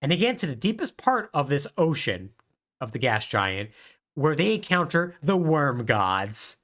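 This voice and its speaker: Lively storytelling man, casual podcast host. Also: a little high, unhurried, slight background noise. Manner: animated storytelling, laughing at his own jokes. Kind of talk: casual chat.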